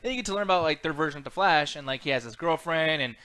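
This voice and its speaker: A man co-hosting a casual show, talking excitedly and swearing freely as he acts out what characters said. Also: a little high, rapid-fire, smooth. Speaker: podcast co-host. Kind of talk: casual chat.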